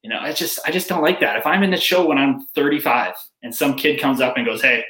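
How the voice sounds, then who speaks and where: Young male hockey player guest, blunt and animated, bright voice in an echoey room. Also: a little high, fast. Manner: blunt, animated storytelling with swearing. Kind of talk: casual interview chat.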